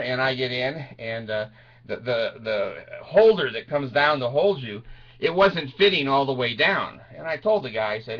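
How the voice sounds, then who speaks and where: An older man telling a rambling comic story, laughing through his words, crude and self-mocking, swinging from low mutters to high yelps. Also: sharp tone, highs cut off.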